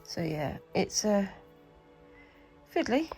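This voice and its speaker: A woman's voice: on the low side, unhurried, vocal fry, darkish tone, soft background music, rough recording. A British woman with a cold, chatting and rambling casually as she demonstrates a craft, talking to herself while she works. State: has a cold. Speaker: craft vlogger.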